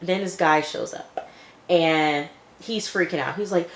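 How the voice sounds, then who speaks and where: A woman's voice: fairly low pitch, unhurried. A woman casually retelling a TV episode, chatty and loose, full of filler phrases. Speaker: TV episode reviewer. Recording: echoey room.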